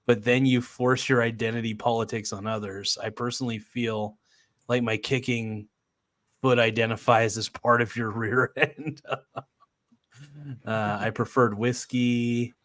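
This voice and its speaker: A man's voice: medium pitch, flat delivery, unhurried, fairly bright tone, dry recording, clean studio sound. A man hosting a casual livestream, reading viewer comments aloud and laughing often. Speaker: livestream host.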